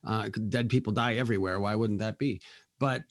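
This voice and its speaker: A man in a casual podcast interview, telling stories in a chatty, animated way and acting out the quotes, on a close studio mic. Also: on the low side, a little fast, no room sound. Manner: chatty, animated storyteller who acts out quotes. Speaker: guest, spiritual medium.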